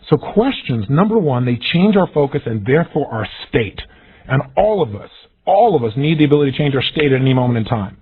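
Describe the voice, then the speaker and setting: A man giving an energetic, emphatic motivational seminar talk, acting out the questions he quotes. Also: a little high, quick pace, slightly rough. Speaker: motivational speaker. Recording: tinny phone-like lo-fi audio.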